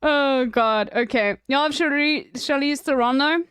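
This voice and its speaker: High-voiced South African woman, profane stream chat. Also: unhurried, a bit bright, dry recording, clean studio sound. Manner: profane, rambling, laughing asides.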